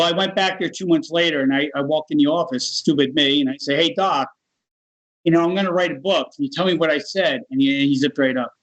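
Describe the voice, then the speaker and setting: Animated storytelling man, fairly high voice. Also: highs cut off. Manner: animated, acts out other people's voices in his stories. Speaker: guest. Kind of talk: casual storytelling.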